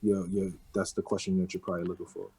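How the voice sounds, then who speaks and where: A man in his thirties with a New York accent, talking casually and rambling a little in a relaxed interview, dropping street slang. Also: deep voice, fast talker, vocal fry, slightly rough, low-quality recording. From the Bronx, New York. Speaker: rapper, interview guest.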